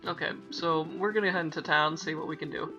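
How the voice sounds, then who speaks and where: A man's voice: on the high side, fairly even intonation, fast talker. A young man rambling casually over gameplay, often correcting himself mid-sentence. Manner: rambling, self-correcting, reads game dialogue aloud in playful voices. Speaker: let's-play gamer. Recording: dull lo-fi mic with faint game music.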